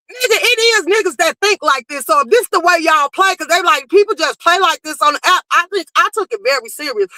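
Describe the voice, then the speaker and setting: Woman streamer, high pitch, sharp bright voice, dry close sound, animated profane storytelling. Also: no echo, poor audio. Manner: animated, profane, quick to raise her voice. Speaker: livestream commentary host. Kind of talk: casual storytelling rant.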